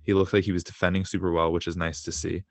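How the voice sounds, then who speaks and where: A man's voice: low-pitched, fast, no room sound. A young man co-hosting a sports podcast, chatting casually and getting worked up, swearing and laughing as he tells stories. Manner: excitable, swears, laughs while telling stories. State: home with a fractured shin. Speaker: podcast co-host.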